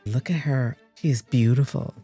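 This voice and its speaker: Sassy low-voiced woman reacting to TV. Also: moderate pace, slightly rough, faint music behind. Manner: sassy, animated, colloquial. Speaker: reaction host. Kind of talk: casual TV reaction commentary.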